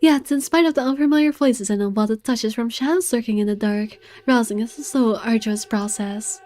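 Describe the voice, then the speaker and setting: A woman's voice: on the high side, a little mellow, lightly acted. A woman reading as a proud young man. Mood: brooding. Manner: measured, dramatic reading. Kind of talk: reading game narration aloud. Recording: faint game music behind.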